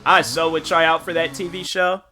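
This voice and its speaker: A young man streaming games, chatting casually with his viewers and telling animated, slang-filled stories. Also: a little high, moderate pace, a little hiss or hum. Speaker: gaming streamer.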